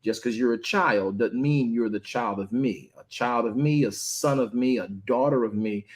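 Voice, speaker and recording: A man's voice: medium pitch, moderate pace. A man preaching a conversational sermon, often repeating words and checking in with "right?".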